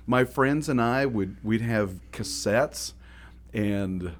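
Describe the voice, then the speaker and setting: A man co-hosting a podcast in casual chat, playful, sometimes putting on a deep radio announcer voice. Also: slow pace. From Oklahoma. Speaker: podcast co-host.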